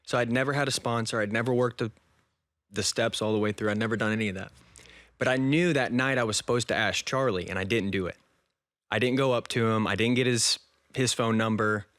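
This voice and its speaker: A man's voice: on the low side, fairly even intonation, a little fast, a bit bright, dry recording, clean studio sound. A young man in his twenties telling an emotional personal story in a casual interview, laughing now and then. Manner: earnest and emotional, laughs often, says "dude" and "man". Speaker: podcast guest.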